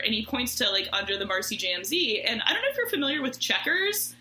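Bright-voiced chatty woman in an echoey room. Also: mid-range voice, animated, fast, hardly any pauses. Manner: chatty, lots of "like", laughs through her story. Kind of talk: casual storytelling chat.

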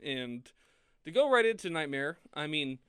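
A man co-hosting a film podcast, talking in a casual, animated way with frequent laughs and restarts. His voice is bright and smooth. The sound is dry and close. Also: on the high side, moderate pace, dry recording. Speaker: podcast co-host.

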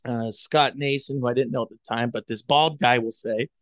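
A man from Cleveland chatting as a podcast co-host, telling a rambling, self-mocking story into a headset boom mic. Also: fairly even intonation, moderate pace, dry recording. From Cleveland, USA. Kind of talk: casual storytelling chat.

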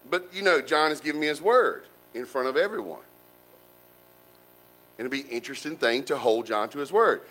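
A man preaching a sermon in a folksy, animated way, with colloquial asides to the congregation. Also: medium pitch, poor audio. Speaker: pastor.

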